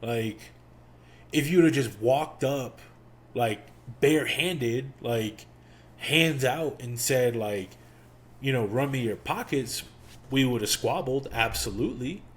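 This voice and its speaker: A young man hosting a podcast, telling a personal story in a casual, animated way and acting out the quotes. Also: medium pitch, slow pace. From Miami. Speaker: podcast host.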